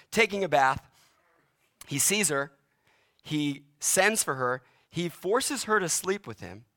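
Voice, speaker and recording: Animated preaching man. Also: a little high. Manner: dramatic storytelling, voice rising and dropping sharply for emphasis. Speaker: pastor. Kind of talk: sermon.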